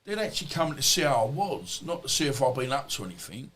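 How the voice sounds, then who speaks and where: A man's voice: mid-range voice, sing-song, quick pace, a bit bright. A middle-aged man settles into a podcast chat and tells his stories in a loose, rambling way. His talk is blunt and full of everyday slang, with a mid-range voice and a faint hum of room noise behind him. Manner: rambling, anecdotal, blunt and colloquial. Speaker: podcast guest. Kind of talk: storytelling in conversation.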